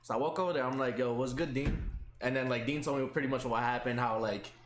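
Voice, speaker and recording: A young man as a podcast guest in casual chat, relaxed and teasing, often cutting in. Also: medium pitch, fast talker. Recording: echoey room with faint background noise.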